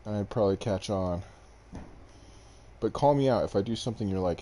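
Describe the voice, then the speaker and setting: A man's voice: lowish voice, fairly quick, mellow. A young man streaming gameplay to a desk mic, chatting casually with viewers in a rambling, self-deprecating way. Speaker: game streamer. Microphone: desk microphone.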